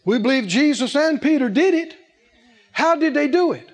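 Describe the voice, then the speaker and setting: Animated high-voiced male preacher. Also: normal speed. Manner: animated, humorous, laughs often, calls for responses. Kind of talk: sermon.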